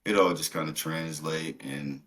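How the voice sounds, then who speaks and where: Man, very low pitch, from Milwaukee, podcast guest, easygoing casual chat. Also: unhurried. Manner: relaxed storytelling with fillers.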